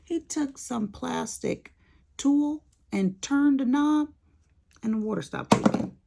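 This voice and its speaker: An older woman vlogging to her viewers, telling a story in a folksy, animated way. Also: sits high, slow, vocal fry, heavy background noise. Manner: animated storyteller, folksy Southern-style talk. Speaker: crafting vlogger. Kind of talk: casual chat to viewers.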